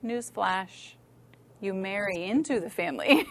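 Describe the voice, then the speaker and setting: A middle-aged woman giving a lively, joking and direct talk to young women at a church. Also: mid-range voice, normal speed. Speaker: women's ministry speaker. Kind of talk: talk to a church youth group.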